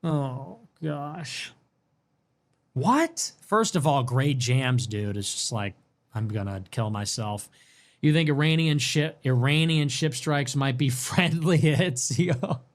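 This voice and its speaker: A man hosting a livestream, reading and answering viewer messages in a sarcastic, mocking way that swings between loud outbursts and low mutters. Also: slow pace. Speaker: livestream host. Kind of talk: livestream commentary reading super chats.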